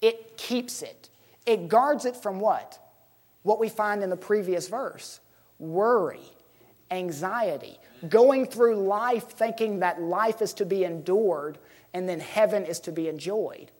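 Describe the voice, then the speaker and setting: A woman preaching with slow emphasis. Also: medium pitch, a little mellow. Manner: emphatic, slows to stress key words; asks the congregation questions. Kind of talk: sermon.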